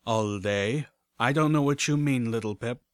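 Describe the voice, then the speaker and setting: Guarded flying robot, measured and mechanical, dry read, by a man. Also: medium pitch, clean tone, no echo, natural voice. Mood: cagey. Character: secretive robot messenger, cagey and guarded.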